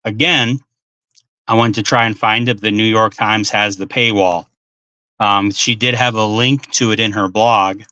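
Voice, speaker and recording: Bright-voiced man hosting a talk show. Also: fairly low pitch, fairly even intonation, a little slow, no room sound. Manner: reads blog passages aloud with frequent ums and asides. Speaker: podcast host. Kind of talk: casual talk-show reading and commentary.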